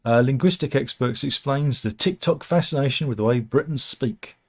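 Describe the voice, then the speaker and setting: A man's voice: mid-range voice, moderate pace, breathy edge. A man from the UK, hosting a casual news chat, reading out headlines with wry, sarcastic asides and frequent restarts.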